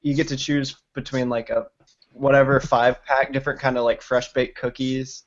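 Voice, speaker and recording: A man with a stuffed-up, congested voice talks at an ordinary pitch, rambling through stories and swearing freely. The audio comes through slightly dull and muffled, as on a home stream. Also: flat delivery, moderate pace, a little hiss or hum. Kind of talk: casual chat on a livestream.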